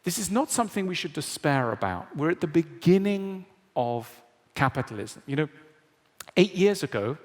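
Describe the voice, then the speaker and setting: A man's voice: on the high side, big pitch swings, normal speed. A man giving a public lecture in a wry, conversational way, often checking in with the audience. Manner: conversational, wry, frequent tag questions. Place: large lecture hall. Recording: long hall reverb.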